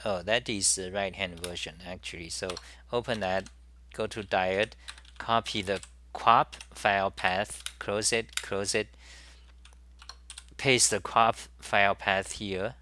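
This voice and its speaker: A man hosting a live software demo, thinking aloud with halting restarts and repeated words as he works. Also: lowish voice, steady tone, slight background noise. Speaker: programming tutorial host.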